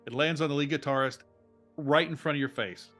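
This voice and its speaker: A man narrating as game master of a tabletop role-play game, telling the scene in an animated way with frequent restarts. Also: a little high, a little fast, faint music behind.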